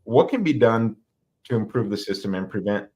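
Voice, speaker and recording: Low-voiced man co-hosting a podcast. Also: expressive, normal speed, a little mellow. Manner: conversational, asks co-hosts questions. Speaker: podcast co-host. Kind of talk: casual podcast discussion.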